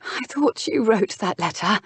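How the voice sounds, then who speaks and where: A woman narrator voicing a young female stage actress, tearful and breaking into sharp outbursts. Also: mid-range voice, expressive, unhurried, slightly rough, dry recording, voice pushed up, full character voice. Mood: hushed. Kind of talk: audiobook dialogue reading.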